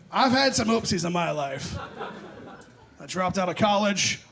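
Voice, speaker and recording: High-voiced young male stand-up comic. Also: creaky. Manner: self-deprecating, punchy, loud. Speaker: stand-up comedian. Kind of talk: stand-up set. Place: comedy club stage. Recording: live club audience laughing.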